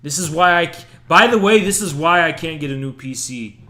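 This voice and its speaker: A man's voice: a little high, lively intonation, brisk, bright, forceful tone. A male streamer hosting a live stream, full of crude trash talk and taunts. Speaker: streamer host.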